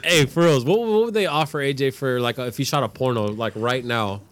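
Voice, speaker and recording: A man co-hosting a podcast, joking loudly in crude casual banter and telling stories. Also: medium pitch, a little fast. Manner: loud joking, tells stories with voiced quotes. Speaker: podcast co-host.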